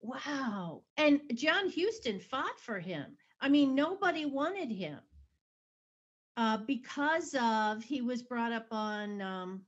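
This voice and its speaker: A slow-talking woman with a husky, slightly high voice and lively intonation. She hosts a relaxed film chat with short prompts. The sound is dull and lo-fi. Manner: slow, easygoing, leads with brief prompts and agreement. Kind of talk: casual film discussion.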